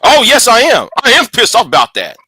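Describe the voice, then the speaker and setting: A man rants angrily on his channel, repeating and restarting words as he swears. His voice is high and swings widely in pitch. It sounds close and dry. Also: huge pitch swings, a little fast, bright, forceful tone, husky, dry recording. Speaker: channel host. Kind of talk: casual livestream rant.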